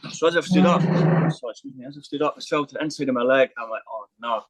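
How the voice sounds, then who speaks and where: A fast-talking man spins a rough, swearing anecdote as a podcast guest, dropping into quoted voices as he goes. His voice sits at a middling pitch and is recorded dry and close, with no room sound. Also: dry recording, poor audio. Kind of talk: casual storytelling.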